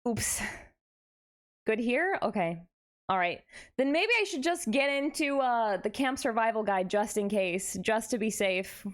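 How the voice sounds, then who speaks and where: Lively, playful young woman streamer. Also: fairly high pitch, a little slow. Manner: animated, playful, dramatic exclamations. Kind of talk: casual live-stream chat.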